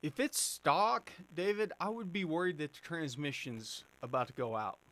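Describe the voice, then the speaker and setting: A man's voice: on the high side, big pitch swings, normal speed, fairly bright tone. A man hosting a live stream, chatting casually and answering viewer questions with plenty of fillers and restarts. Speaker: livestream host answering chat.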